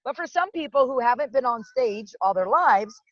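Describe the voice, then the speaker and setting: A woman's voice: fairly high pitch, lively intonation, moderate pace, no echo. Upbeat woman interviewer on a video call. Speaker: interview host and speaking coach. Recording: dull lo-fi video-call audio.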